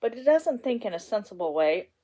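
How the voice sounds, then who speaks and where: A woman as a gentle mother bear. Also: on the high side, sing-song, a little fast, low-quality recording. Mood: soothing. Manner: soothing and explanatory.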